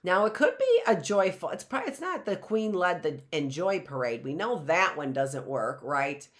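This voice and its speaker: A middle-aged woman teaching an online phonics lesson, explaining slowly and sounding out letters and words. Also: lowish voice, very animated.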